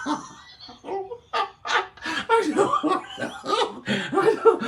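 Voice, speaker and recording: Slow, giggling man rambling jokes. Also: expressive, slight background noise. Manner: breaks into high giggling fits. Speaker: comedic video maker. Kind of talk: rambling comedic monologue.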